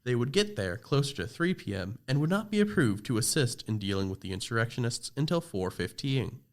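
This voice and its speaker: A man's voice: mid-range voice, sing-song, a little fast. A teenage boy narrating a scripted school project podcast, reading steadily with small slips and restarts. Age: teens. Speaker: student presenter.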